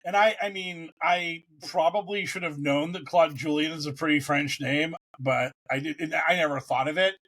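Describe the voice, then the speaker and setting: Man, slightly high voice, rambling, profane, casual sports podcast host. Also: moderate pace, few pauses. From United States. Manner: rambling, profane, animated storytelling.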